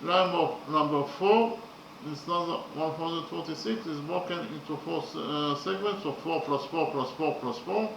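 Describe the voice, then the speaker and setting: A man lecturing slowly and methodically, often pausing with fillers as he works through his points. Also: a little high, creaky, background noise. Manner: slow, methodical, hesitant with frequent fillers. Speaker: literature teacher. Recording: echoey room.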